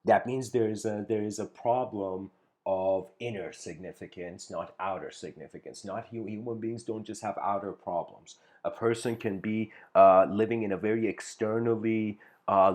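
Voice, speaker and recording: A man's voice: lowish voice, a little mellow. A man giving an informal philosophical lecture, rambling with many fillers and restarts.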